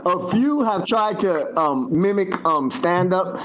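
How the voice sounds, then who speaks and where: Man, very high voice, easygoing, slangy, laughing, dull lo-fi audio, faint hiss. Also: expressive, slow, a bit bright. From Puerto Rico. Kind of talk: casual live-stream chat.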